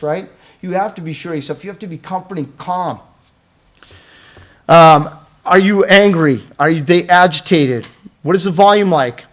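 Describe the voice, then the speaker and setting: A man giving a live training talk on crisis intervention, asking the audience questions and tagging his points with "right?". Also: high voice.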